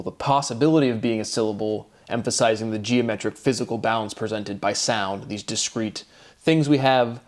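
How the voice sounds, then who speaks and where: Man, solo monologue, rambling, self-questioning, drawn-out questions, mid pitch. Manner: rambling, asks himself rhetorical questions, wordplay. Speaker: solo lecturer. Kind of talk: solo spoken monologue on word theory.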